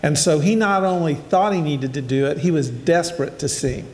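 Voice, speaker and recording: Speaking to his listeners directly in an echoey hall, an older man gives an easygoing sermon, reading scripture before explaining it in a chatty, storytelling way. His voice is a little high and his pace moderate.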